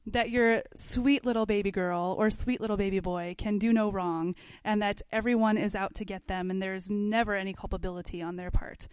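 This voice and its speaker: A woman's voice: medium pitch, steady tone, moderate pace, few pauses, clear, resonant tone, no echo. A woman teaching a parenting class, reading passages aloud from a book and adding casual comments with questions to her listeners. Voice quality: conversational, asks the class questions.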